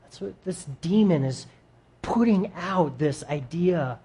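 A man's voice: high voice, expressive, takes it slowly, warm tone, slightly rough. A male pastor preaching a sermon in a casual, emphatic way, breaking down a Bible passage.

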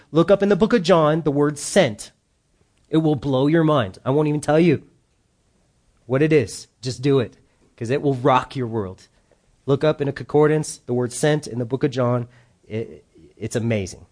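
Guy pastor giving a laid-back sermon, jokey, does voices when he quotes people. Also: on the high side. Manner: casual, joking, acts out quoted voices.

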